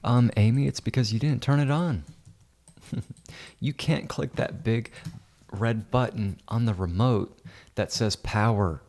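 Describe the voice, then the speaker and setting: A man's voice: mid-range voice, measured pace, long pauses, darkish tone. A man doing a photo-editing livestream, chatting casually in a sarcastic, mock-arrogant ranting manner. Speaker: photo editor streaming his work.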